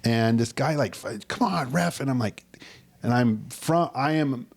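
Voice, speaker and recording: A man in his thirties co-hosting a podcast, speaking at an ordinary mid pitch. He tells a personal story earnestly and rambles through it with restarts. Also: unhurried. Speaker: podcast co-host. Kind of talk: casual storytelling chat.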